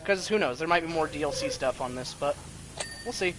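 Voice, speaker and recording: A man's voice: fairly high pitch, brisk, a crowd in the background, rough recording. A young man streaming a game live, chatting casually, reading chat aloud and swearing freely.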